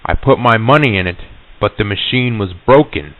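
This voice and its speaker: Eerie eyeless boy, flat delivery, man quoting him, low voice, tinny old tape. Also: moderate pace, dry recording, lightly acted.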